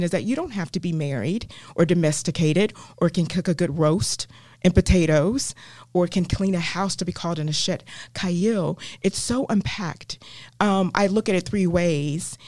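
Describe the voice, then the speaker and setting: A woman's voice: fairly low pitch, no echo, clean studio sound. Earnest Southern woman teaching scripture. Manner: earnest, animated, many ums and restarts. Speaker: guest Bible teacher. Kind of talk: faith podcast interview.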